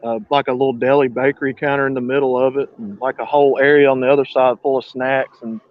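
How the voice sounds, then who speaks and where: A man chatting on a podcast in a relaxed way, leaning on small fillers. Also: medium pitch, fast talker, no room sound. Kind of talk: casual chat. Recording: dull lo-fi dry recording.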